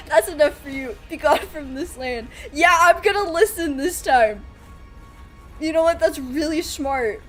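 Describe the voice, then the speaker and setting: High-voiced woman streamer reacting to gameplay. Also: takes it slowly, pauses often, fairly bright tone, faint music behind. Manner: chatty, talks to chat and the game, laughs often, bursts of alarm. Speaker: streamer playing a survival game. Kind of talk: live gameplay commentary.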